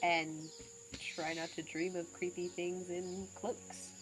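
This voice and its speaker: A woman's voice: on the low side, level tone, takes it slowly, faint music behind. A woman playing in a tabletop game, talking hesitantly and often stammering. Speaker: player. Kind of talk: tabletop game role-play.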